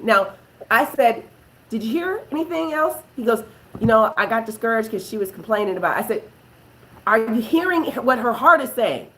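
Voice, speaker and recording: A woman's voice: a little high, expressive, moderate pace, fairly bright tone, a little hiss or hum, rough recording. Emphatic woman preaching about marriage. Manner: emphatic, tells stories with quoted voices. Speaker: prophetess. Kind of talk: preaching talk show.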